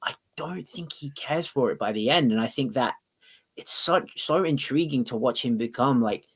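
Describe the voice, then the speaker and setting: Co-hosting a casual podcast debate, a man with a mid-range, slightly breathy voice talks excitedly in quick bursts. He restarts sentences, swears, and acts out the scenes he quotes.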